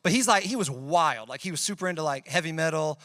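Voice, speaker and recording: A youth pastor with a high, bright, forceful voice preaches to students in a relaxed, conversational way. He leans on storytelling examples to make his points. The recording is dry and close, with no room sound. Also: quick pace, dry recording. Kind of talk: youth sermon.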